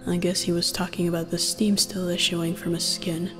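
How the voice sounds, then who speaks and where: A woman's voice: lowish voice, little pitch movement, moderate pace. A woman reading an audio fan fiction aloud in the first person, with a wry, sardonic storytelling manner. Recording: long reverb with faint music.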